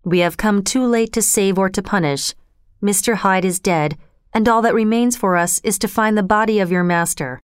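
A woman voicing a grave, resolute middle-aged male lawyer who speaks firmly and in measured tones. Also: medium pitch, clear, resonant tone, dry recording, clean studio sound, natural voice. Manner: firm, measured.

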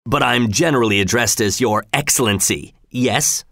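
Speaking in his natural, medium-pitched and slightly bright voice, a man plays a smug, menacing governor, slow and silky. He drags out every word condescendingly, recorded in studio quality without room sound.

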